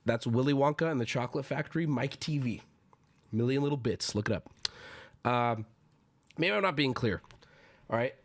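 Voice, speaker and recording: A man in his thirties ranting to his stream chat, exasperated and loud, mocking people in whiny voices. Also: mid-range voice, lively intonation, normal speed, pauses often.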